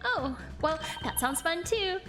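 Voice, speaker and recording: A woman's voice: very high-pitched, lively intonation, a little slow, pitched above the performer's own voice. A woman voicing a bossy, cheerful young girl in a game, with a chirpy, insistent manner. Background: background music.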